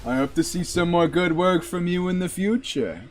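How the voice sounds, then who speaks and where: Here a man with a high voice speaks at a normal speed during a casual game stream. He wanders from thought to thought, packing his chatter with "like."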